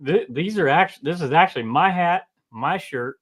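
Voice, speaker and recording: A man co-hosting a live diet chat show over a video call, with a dry, deadpan humor. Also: fairly high pitch, moderate pace, dry recording. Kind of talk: casual live-stream chat.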